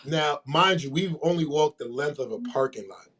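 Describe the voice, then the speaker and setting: Man telling stories with a slightly high voice. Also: normal speed, slightly rough. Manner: animated, laughing while telling stories. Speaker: podcast co-host. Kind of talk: casual storytelling chat.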